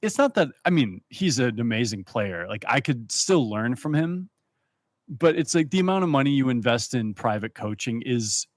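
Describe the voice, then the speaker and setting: A poker player and coach chats casually on a podcast in a mid-range voice with big pitch swings and a moderate pace. He often stumbles and repeats words as he thinks. The recording is dry and close, with no echo.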